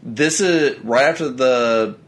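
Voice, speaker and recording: A man's voice: medium pitch, takes it slowly, fairly bright tone. A young man co-hosting a podcast in casual, crude banter. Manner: crude, laid-back banter. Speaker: podcast co-host. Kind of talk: casual chat.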